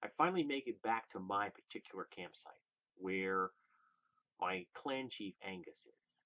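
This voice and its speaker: A man telling a personal story to his viewers, shifting from loud emphasis to hushed whispers. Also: low voice, animated, a little slow, lo-fi sound. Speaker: vlogger.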